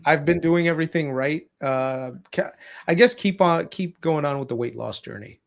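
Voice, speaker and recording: A man joining a casual live stream with his friends. His voice sits a little high, and he ribs the others in a lively, animated way. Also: moderate pace, creaky. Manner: teasing, animated. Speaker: stream guest. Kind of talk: casual chat.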